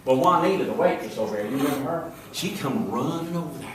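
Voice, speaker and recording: A fumbling small-town Southern deputy, played live by a man, keeps losing his words as he spins yarns. His voice sits a touch high. The sound carries from a distance through a very echoey hall with a faint hiss behind. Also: expressive, fast, natural voice. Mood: folksy. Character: folksy small-town Southern deputy, male, excitable and boastful. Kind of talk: live stage comedy monologue. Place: stage before an audience.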